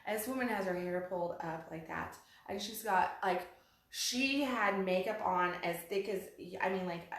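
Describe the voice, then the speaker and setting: Animated chatty woman in an echoey room. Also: medium pitch, moderate pace. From Texas. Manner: animated storyteller, repeats phrases. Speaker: podcast co-host. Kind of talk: casual chat.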